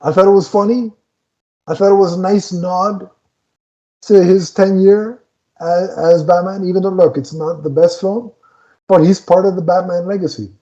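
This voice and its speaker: A man co-hosting a film review show, talking casually as he retells scenes, full of restarts and fillers. His voice sits a bit high but sounds very dark and mellow. The recording is dull and lo-fi. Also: fairly even intonation, normal speed. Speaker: podcast co-host reviewing a film.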